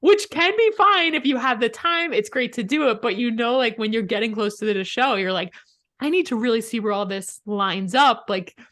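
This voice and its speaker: A woman's voice: a little high, normal speed, a bit bright. A woman, a comedian, chatting casually about building sets, laughing often and acting out her inner voice.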